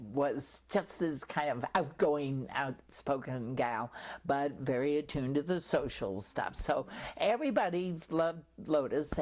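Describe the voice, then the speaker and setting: An older woman in an oral history interview, recounting her years in local journalism as a chatty storyteller with lively asides. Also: a bass voice. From California, USA.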